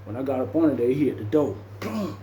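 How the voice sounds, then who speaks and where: A man's voice: mid-range voice, quick pace, echoey room, slight background noise, poor audio. A man casually telling a story about his past, acting out what people said and punching it up with sound effects. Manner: animated, acts out quotes and sound effects. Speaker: storyteller recounting his jail time.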